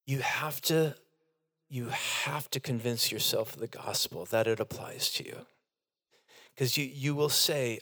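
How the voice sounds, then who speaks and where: A man's voice: mid-range voice, measured pace, fairly bright tone. A middle-aged man preaching a sermon to his congregation in a church, earnest and direct. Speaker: pastor. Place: church sanctuary.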